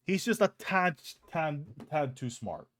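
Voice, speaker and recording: A man's voice: on the high side, slow. A young man streaming, ranting casually and profanely with many restarts, in a hot room with a fan on. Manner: animated, profane, rambling with restarts.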